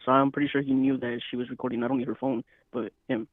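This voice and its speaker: A man's voice: medium pitch, level tone, fast talker, no room sound, narrow, tinny audio. A man co-hosting a podcast in casual chat, laid-back, often checking that he has explained himself right. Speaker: podcast co-host.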